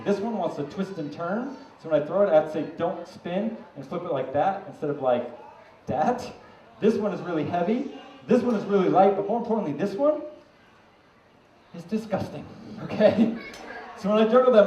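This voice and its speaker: Give me a wisecracking male juggler from Maine, high-pitched and lively, performing at an outdoor fair. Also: slight background noise. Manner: wisecracking, self-mocking, teasing the audience. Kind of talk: comedic stage patter to a crowd. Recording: roomy, distant, muffled outdoor recording with faint ambience.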